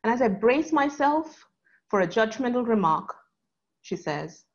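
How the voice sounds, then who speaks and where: Woman in her 30s, earnest live storyteller with dramatic pauses, slightly muffled recording. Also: on the high side, very animated. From South India.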